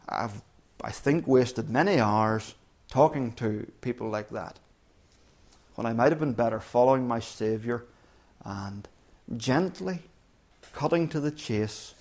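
A man preaching a sermon in an earnest, emphatic way, restarting phrases and hitting key words hard. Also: mid-range voice. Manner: earnest, emphatic, with frequent restarts and sudden loud stresses.

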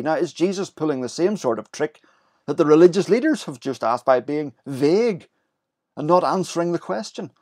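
A man preaching a sermon, explaining the scripture passage in a lively way and voicing the quoted lines. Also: a little high, normal speed.

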